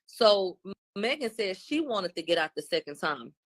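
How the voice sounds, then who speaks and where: A woman recapping court testimony in a casual, animated way, using loose slangy speech. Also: mid-range voice, moderate pace.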